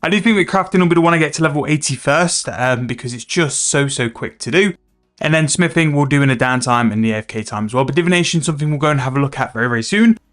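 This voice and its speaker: A man's voice: fairly high pitch, lively intonation, fast, fairly bright tone. A man chatting casually and rambling about his game progress as a gaming video host. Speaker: gaming YouTuber.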